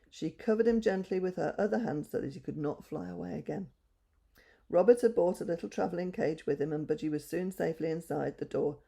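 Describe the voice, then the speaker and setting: Gentle woman storyteller, husky and low, reading to children.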